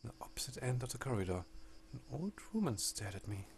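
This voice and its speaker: Victorian lady survivor in a game, measured and proud, man's own gravelly voice. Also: mid-range voice, big pitch swings, darkish tone.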